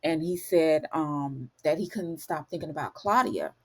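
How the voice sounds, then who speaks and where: A woman with a notably low, deep voice talks through an episode recap for her viewers. She sounds chatty and emotional, filling her retelling with fillers and asides addressed straight to the audience. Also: measured pace, husky. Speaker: show recap vlogger. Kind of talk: casual spoken episode recap.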